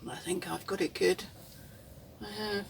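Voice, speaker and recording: A woman's voice: mid-range voice, fairly even intonation, a little slow, gravelly, recorded from a distance, slight background noise. A woman, rambling reflectively and candidly in a casual vlog, often chuckling. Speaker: vlogger. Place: inside a camper van.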